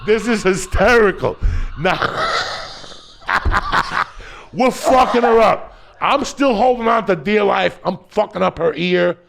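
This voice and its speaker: A man telling a profane comic story as a podcast guest, swinging from loud shouting bursts to low muttering. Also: lively intonation, slow, long pauses, very noisy. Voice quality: gravelly.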